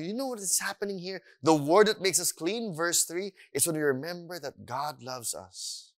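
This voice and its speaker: A young adult man with a Filipino accent preaching a sermon, animated and slipping in Tagalog phrases as he acts out the voices of children and doubters. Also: on the high side, moderate pace, few pauses. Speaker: pastor.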